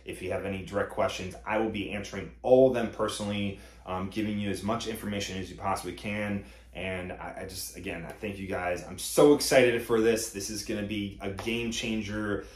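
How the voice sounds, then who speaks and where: A man's voice: lowish voice, steady tone, brisk, hardly any pauses, reverberant. A man who runs a comedy company, giving an earnest live-streamed announcement full of thanks.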